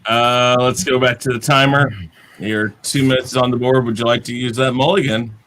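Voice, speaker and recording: A man hosting a live-stream panel game, briskly running the timer and prompting the panelists. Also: mid-range voice, little pitch movement, a bit bright, a little hiss or hum. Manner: brisk, runs the clock and prompts. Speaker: game show host.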